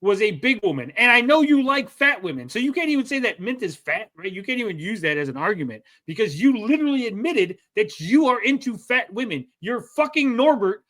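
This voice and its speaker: A man with a high, bright voice hosts a casual live stream. He rants and jokes, slipping into mocking impressions of others. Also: a little fast, few pauses. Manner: animated ranting, mocking impressions. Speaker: stream host.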